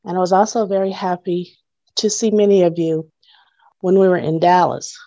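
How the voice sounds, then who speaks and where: A woman speaking as a guest teacher in an online Bible class, out of breath and halting, with many pauses and fillers. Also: fairly low pitch, fairly even intonation, mellow, no room sound, muffled recording. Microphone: video call.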